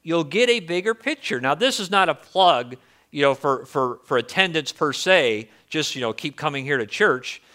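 A man's voice: fairly high pitch, expressive, normal speed, pushed and bright. A male pastor giving a conversational sermon, often repeating words as he restarts phrases.

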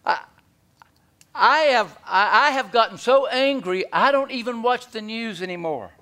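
A man preaches in a folksy, animated style. His voice sits fairly high for a man. He swings from loud bursts to hushed asides. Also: unhurried. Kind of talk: sermon.

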